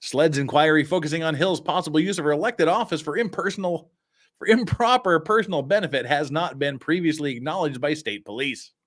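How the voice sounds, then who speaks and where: A man's voice: on the high side, a bit bright. A man with a Utah accent hosting a casual live stream, reading news articles aloud and breaking off into sarcastic asides. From Cache Valley, Utah. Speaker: host.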